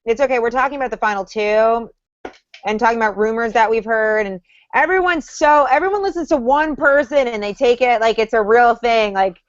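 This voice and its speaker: A woman's voice: on the high side, brisk, no room sound, dull audio. A woman hosting a casual online chat, steering the talk and often restarting her sentences. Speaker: livestream co-host. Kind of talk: casual group chat about a reality show.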